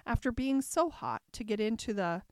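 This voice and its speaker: A woman's voice: a little high, expressive, moderate pace, no echo, clean studio sound, lightly acted. A woman voicing Alice, a curious young girl who chatters and wonders aloud to herself in a storybook reading. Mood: wondering.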